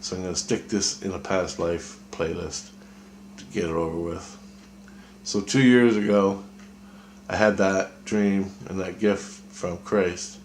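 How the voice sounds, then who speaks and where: A deep, low-pitched man telling a long personal story to camera. He talks loosely and profanely, often trails off mid-thought, and is backed by a faint ambient hum. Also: steady tone, measured pace, reverberant. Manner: casual, profane, trailing off with fillers. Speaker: vlogger. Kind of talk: rambling personal monologue.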